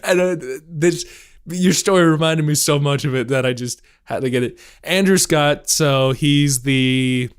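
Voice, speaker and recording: Guy cohosting a book podcast, kinda high voice, jokey and loud when he laughs. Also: measured pace, smooth. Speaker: podcast co-host. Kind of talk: casual chat.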